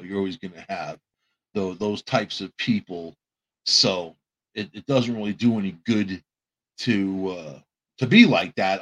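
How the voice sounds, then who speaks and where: Rambling man. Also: mid-range voice. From Long Island, New York. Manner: loose, joking, self-interrupting with repeated restarts. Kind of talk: casual rambling monologue.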